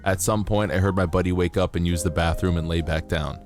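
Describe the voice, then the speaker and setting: Male streamer, lower register, casual and jokey, reads stories aloud and riffs on them. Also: steady tone, a little fast, a little mellow, faint music behind. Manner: joking, playful, swears casually, laughs at himself. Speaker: livestreamer. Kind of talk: casual livestream chat, reading out stories.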